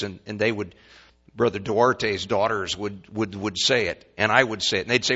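An older man delivers a folksy sermon in a gravelly voice that has a bright, forceful edge. He stammers and restarts, and he throws questions at the congregation. The recording sounds dull and lo-fi. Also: on the low side, moderate pace. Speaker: pastor.

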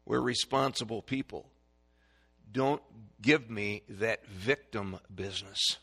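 A man preaching a sermon, reading scripture in old-fashioned wording and calling out verses, swinging between loud stresses and quiet asides, recorded in a church sanctuary. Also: fairly low pitch, slow, gravelly, slightly rough. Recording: long reverb of a large hall.

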